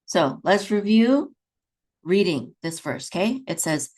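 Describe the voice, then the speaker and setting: A woman teaching a beginner reading lesson at a deliberately unhurried pace. Her voice sits somewhat low, and she repeats words slowly and checks in with her listeners as she goes. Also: very animated, darkish tone, breathy edge. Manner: patient, repeats words slowly, chants trope melodies; frequent checking "okay?" with fillers. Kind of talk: beginner lesson, slow patient explanation.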